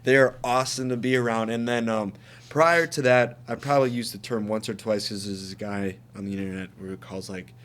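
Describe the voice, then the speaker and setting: A man's voice: on the low side, fairly even intonation, fairly quick. A man co-hosting a podcast, telling a story in casual chat, laughing and swearing and acting out what people said. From United States. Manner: laughing, swearing, acts out quotes. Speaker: podcast co-host.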